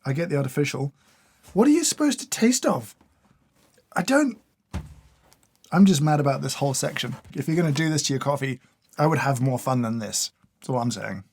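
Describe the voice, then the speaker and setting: A man's voice: a little high, a little mellow. Dry, sardonic man tasting. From United Kingdom. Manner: dry, sardonic, mock-exasperated. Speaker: coffee reviewer. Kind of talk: casual taste-test commentary.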